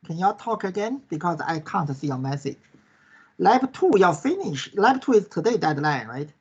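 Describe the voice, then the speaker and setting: A man's voice: sits high, sing-song, normal speed, husky. A male course instructor answering questions in an online class, in non-native English that tags most sentences with "right?" and "okay?". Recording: dull lo-fi online class recording.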